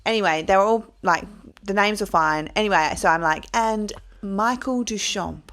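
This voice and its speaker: A woman's voice: fairly low pitch, brisk, fairly bright tone, smooth. A woman co-hosting a podcast, chatting casually, agreeing often and telling stories. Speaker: podcast co-host. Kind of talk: casual chat.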